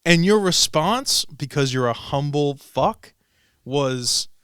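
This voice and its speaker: Lively animated man telling a story. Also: slow pace, clean tone, no room sound, clean studio sound. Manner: animated storyteller, mimics others with big swings in pitch and volume. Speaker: podcast host. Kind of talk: casual chat.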